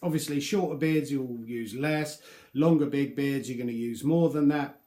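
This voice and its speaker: A man's voice: mid-range voice, normal speed, dark tone. Chatty man in an echoey room. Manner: chatty, rambling, self-deprecating. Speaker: beard product reviewer. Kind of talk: casual product review vlog.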